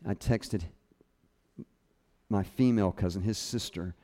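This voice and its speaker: Here a man with a lowish voice preaches at a measured pace, recounting something from his own life and voicing the characters lively as he quotes them. Long reverb from the hall lingers on the recording.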